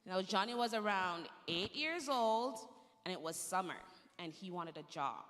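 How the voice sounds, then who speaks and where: A woman telling a story to children during a church service, gentle and lively, in a church sanctuary. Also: mid-range voice, in a large hall.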